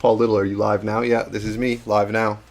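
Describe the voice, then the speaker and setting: A man with a fairly low voice talks casually to his livestream chat while painting miniatures. He reads comments aloud and pokes fun at himself in an easygoing way. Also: level tone, a little fast. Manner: chatty, self-deprecating, reads chat aloud. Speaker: hobby livestream host.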